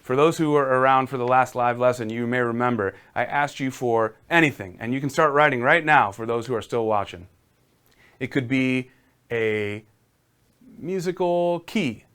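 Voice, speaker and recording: A man's voice: mid-range voice, brisk, few pauses, fairly bright tone, smooth. A man teaching a casual live-streamed piano lesson, encouraging and talking viewers through exercises.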